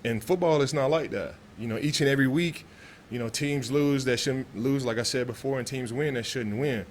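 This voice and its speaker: A man's voice: mid-range voice, moderate pace, slight background noise. A man from Texas, a pro football player answering press questions in a loose, laid-back way with many restarts.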